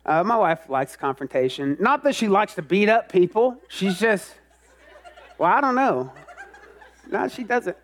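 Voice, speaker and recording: A man with a fairly high voice preaches an animated sermon. He pokes fun at himself and now and then breaks into loud, rising outbursts. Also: unhurried. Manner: animated, self-mocking, swings into loud outbursts. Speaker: pastor.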